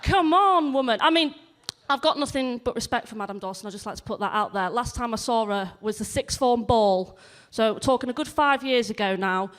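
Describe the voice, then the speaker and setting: Young Yorkshire woman comic, high-pitched, chatty and self-mocking on stage. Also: a little fast. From northern England, near Leeds. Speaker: stand-up comedian. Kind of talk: stand-up comedy set. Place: comedy hall stage.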